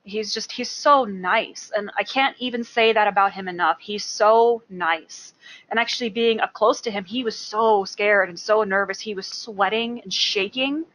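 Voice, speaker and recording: A woman's voice: mid-range voice, normal speed, a bit bright, low-quality recording. Earnest woman podcast co-host. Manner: earnest, repeats for emphasis. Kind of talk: casual chat.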